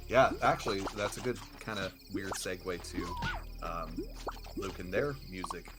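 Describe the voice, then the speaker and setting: Man, stream host, very deep voice, casual chat, animated retelling, game music behind. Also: a little slow. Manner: animated, acts out his own reactions.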